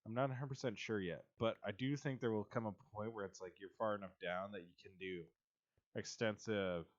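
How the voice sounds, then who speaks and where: A man's voice: on the low side, fairly even intonation, fairly quick, no echo. A man chatting casually and laughing often while livestreaming a game and answering his chat. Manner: giggly, chatty, reads chat aloud. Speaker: streamer. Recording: dull, dry lo-fi mic.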